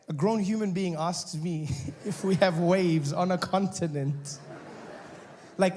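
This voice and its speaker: A man from South Africa with a South African accent, doing animated, mocking stand-up storytelling. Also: sits high, slow pace, a little hiss or hum. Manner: animated, mocking, switches into voices. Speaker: stand-up comedian.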